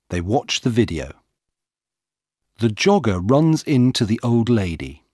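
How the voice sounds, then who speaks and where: Slow husky male storybook narrator. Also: lowish voice, very animated, a little mellow, no echo, studio quality. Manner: slow, clear and deliberate. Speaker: audiobook narrator. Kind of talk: scripted narration for English learners.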